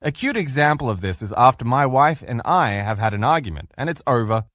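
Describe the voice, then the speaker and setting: Guy coaching on relationships, really animated pitch, super dry close sound, punchy storyteller. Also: fairly quick, dry recording. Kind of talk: motivational lecture.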